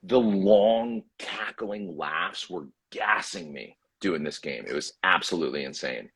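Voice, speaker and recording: A man with a very low, husky voice chats loosely on a video call about his voice work. He is animated and swears without a second thought. The sound is dry and close. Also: measured pace, dry recording. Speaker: voice actor guest. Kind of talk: casual live-stream chat.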